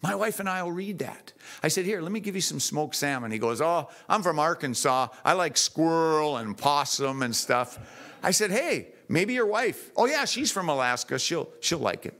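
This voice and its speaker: A man preaching a sermon in church, telling stories in a lively, animated way. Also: on the high side, normal speed.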